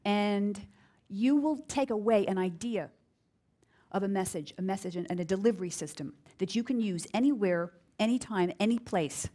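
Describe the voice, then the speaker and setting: A middle-aged American woman giving a live business workshop to an audience, energetic and emphatic, repeating key phrases for effect. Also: brisk. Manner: acts out quoted voices with big pitch jumps.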